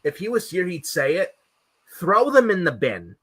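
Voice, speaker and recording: Ranting, profane wrestling podcast host. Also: male voice, high voice, huge pitch swings, moderate pace, fairly bright tone, slightly rough. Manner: profane, ranting, repeats himself. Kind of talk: casual wrestling recap chat.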